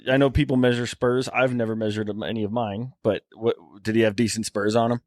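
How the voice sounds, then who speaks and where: A male podcast host at a middling pitch, recorded dry and close on a webcam. He asks his guest relaxed follow-up questions in casual conversation. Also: fairly quick, no echo. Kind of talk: casual interview chat. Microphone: video call webcam.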